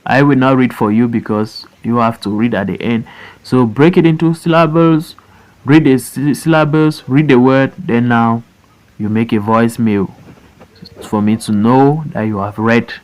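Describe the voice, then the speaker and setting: Male teacher, unhurried delivery, spells out words in slow syllable chunks for an online class. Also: medium pitch, steady tone, darkish tone, low-quality recording. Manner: stretches words out syllable by syllable, repeats them. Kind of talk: slow classroom phonics lesson. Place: voice-over for an online lesson.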